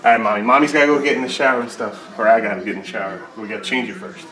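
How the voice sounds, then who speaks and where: A young man filming a casual home vlog, talking to his baby sons indoors and slipping into high sing-song baby talk. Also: fairly even intonation, very fast, pushed and bright, roomy sound. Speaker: vlogger and father.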